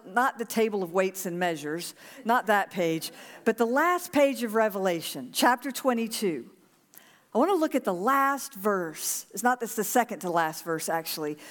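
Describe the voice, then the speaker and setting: A woman's voice: mid-range voice, big-room sound. A woman pastor preaching a sermon to her congregation, earnest and urging them to repeat a prayer. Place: church sanctuary.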